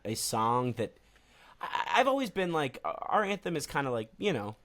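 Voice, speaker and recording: A man's voice: fairly high pitch, sing-song, normal speed, fairly bright tone. A man co-hosting a casual sports podcast, telling stories in an easygoing, enthusiastic way. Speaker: podcast co-host.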